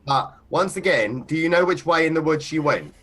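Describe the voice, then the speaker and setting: Bright, sarcastic male player. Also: a little high, expressive, normal speed, breathy edge. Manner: dry and sarcastic. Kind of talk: casual tabletop role-play.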